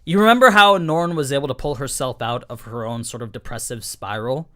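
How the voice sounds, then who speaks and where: A man's voice: mid-range voice, fairly quick, pushed and bright. Chatty young man reviewing anime. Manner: chatty and emphatic, heavy use of 'like' and 'you know'. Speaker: anime news streamer. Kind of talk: casual live-stream anime review.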